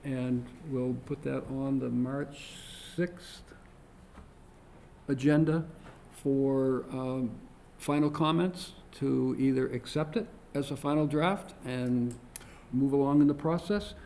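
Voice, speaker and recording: Gravelly guy running a town meeting, lots of uhs, bit of hiss. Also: medium pitch, slow, warm tone, low-quality recording. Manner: hesitant, many ums and uhs. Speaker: commission chair. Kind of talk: public meeting discussion. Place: meeting room.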